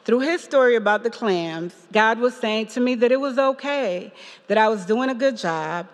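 A woman's voice: a little high, expressive, moderate pace. Woman telling a story in an echoing church. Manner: storytelling with quoted voices and laughter. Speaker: parishioner giving a reflection. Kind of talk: personal testimony at a church service.

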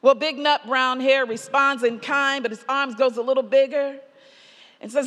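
A woman pastor delivering a sermon, measured and slowing for emphasis, often dropping soft on key lines. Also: high-pitched, fairly even intonation. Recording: long hall reverb.

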